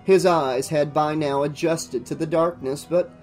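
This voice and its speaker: A channel host reading a horror novel aloud in steady audiobook narration. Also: mid-range voice, unhurried, soft background music. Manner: steady storytelling read.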